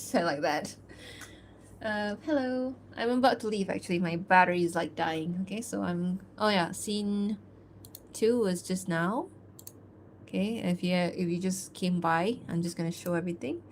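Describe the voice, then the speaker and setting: A woman's voice: fairly low pitch, normal speed, a little hiss or hum. Chatty woman streaming her art. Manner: chatty and loose, full of "like" and small laughs; reads fan-fiction narration aloud. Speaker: artist streaming her work. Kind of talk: casual livestream chat.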